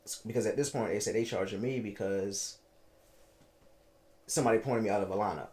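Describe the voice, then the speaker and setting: Low-voiced man from Baltimore, halting. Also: a little mellow. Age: 30s. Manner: halting, repeats words, reenacts dialogue. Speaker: podcast guest. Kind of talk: personal storytelling in conversation.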